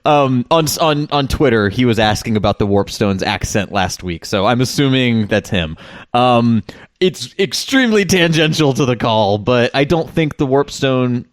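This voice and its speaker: A man's voice: medium pitch, lively intonation, moderate pace, dry recording, clean studio sound. Hesitant good-humored male podcast host. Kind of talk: casual podcast chat.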